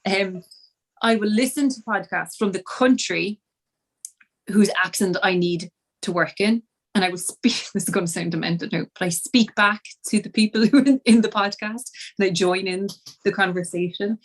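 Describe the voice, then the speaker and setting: A woman's voice: mid-range voice, moderate pace. Chatty Irish woman acting coach. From Ireland. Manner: chatty, laughs often. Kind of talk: casual conversation.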